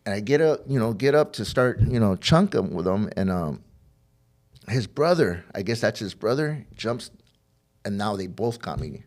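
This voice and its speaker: Deep-voiced man telling his recovery story. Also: sing-song, normal speed, darkish tone. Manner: rambling, repeats words, acts out quoted dialogue. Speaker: podcast guest sharing recovery story. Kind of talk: personal storytelling.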